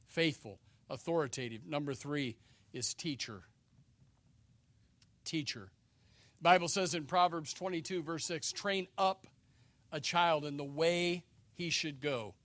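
A high-voiced male preacher with a bright, forceful tone, leaping between murmured asides and shouted calls. He slows right down to stretch out key phrases. The sound is dry and close. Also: no echo. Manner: swings from low quiet asides to loud shouted exhortation. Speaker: pastor. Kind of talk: sermon.

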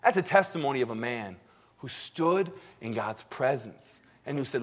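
A man preaching a sermon, swinging between loud emphatic peaks and hushed low lines, acting out the voices he quotes. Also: moderate pace. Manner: animated, acts out quoted voices, laughs now and then.

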